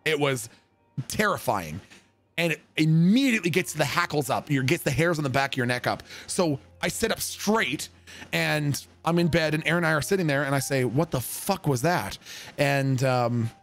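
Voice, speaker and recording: A streamer telling a creepy story in casual, profane, animated style, spoofing dialogue. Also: male voice, a little high, moderate pace, faint music behind.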